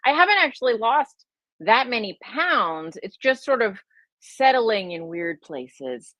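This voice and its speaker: A woman's voice: on the high side, very animated, unhurried, fairly bright tone, no echo. A middle-aged woman, a health and wellness coach, chatting casually on a livestream with a slight Southern American twist, rambling and self-deprecating with many fillers. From United States.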